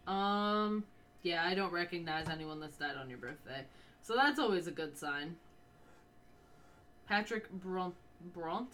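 A woman's voice: on the low side, expressive, measured pace, long pauses, fairly bright tone. A young woman co-hosting a casual, unscripted podcast, chatty and rambling, laughing often and talking through the hiccups. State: has the hiccups. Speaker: podcast co-host.

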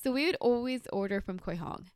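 A woman in her thirties co-hosting a casual podcast, telling a story and getting animated as it builds. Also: brisk, smooth, no echo, studio quality. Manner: animated storyteller, rises high when excited. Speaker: podcast co-host.

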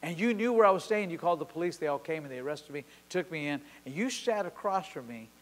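Forceful preacher man in a reverberant hall. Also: a little high, expressive, fast. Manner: forceful, emphatic preaching with repeated short declarations. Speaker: pastor. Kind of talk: sermon.

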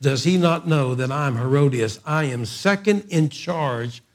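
A man's voice: fairly high pitch, unhurried. A man voicing a proud, furious queen who is indignant at being lectured, with a haughty manner.

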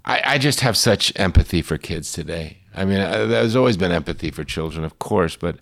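Man, very deep voice, gravelly, wry, thoughtful host. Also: expressive, a little fast. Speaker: podcast host. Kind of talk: casual conversation.

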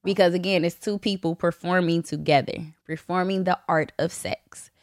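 A young woman hosting her own podcast, talking candidly and bluntly with lots of swearing and laughter, her voice jumping from loud bursts to low asides. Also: steady tone, normal speed, no echo, studio quality. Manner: blunt, profane, laughing often. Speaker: podcast host. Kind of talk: candid solo podcast talk.

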